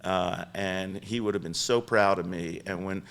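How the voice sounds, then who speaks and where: An older man, the guest on a podcast, telling lively stories about his business with lots of restarts. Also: sits low, a little slow. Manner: chatty, animated storyteller with frequent restarts. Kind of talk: storytelling interview. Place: podcast studio.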